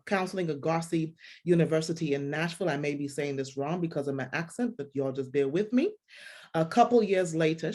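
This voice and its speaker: A woman hosting a faith-based podcast interview, effusive and full of restarts. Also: low-pitched. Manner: warm, effusive, with frequent restarts. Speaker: podcast host.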